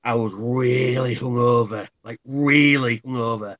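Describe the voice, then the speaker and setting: A man's voice: mid-range voice, fairly even intonation, a little slow, a bit bright. A man in his thirties, hosting a live stream in casual chat, rambling through anecdotes and swearing freely. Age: 30s.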